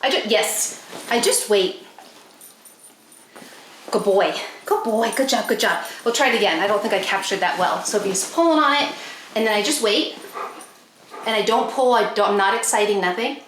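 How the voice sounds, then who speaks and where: A woman's voice: mid-range voice, expressive, brisk. A woman chatting casually to her viewers while doing chores at home, talking to her dogs now and then. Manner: chatty, talks to her dogs in a bright coaxing voice. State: a bit out of breath from chores. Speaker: pet vlogger. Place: bedroom at home. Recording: echoey room, faint noise.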